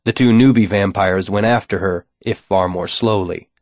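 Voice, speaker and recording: A man narrates a first-person story in a measured, wry way, his voice sitting on the low side. The recording is dry and close, with no room sound. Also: a little mellow, no echo. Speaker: audiobook narrator.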